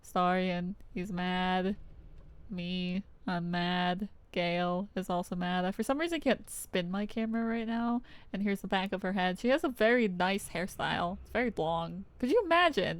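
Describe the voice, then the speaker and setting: A woman's voice: mid-range voice, lively intonation, measured pace. A young woman streamer chatting casually over her game, giggly and swearing offhandedly. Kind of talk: casual live game commentary.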